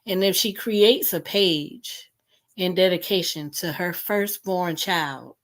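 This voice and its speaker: A woman with a lowish voice hosts a live stream talk. She pleads with her listeners and keeps repeating her key phrases. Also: takes it slowly. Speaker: host.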